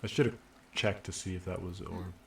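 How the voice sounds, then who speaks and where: A man's voice: deep voice, fairly even intonation, a little fast, creaky, a little hiss or hum. A man streaming a video game, making casual commentary with playful asides as he reads the dialogue aloud.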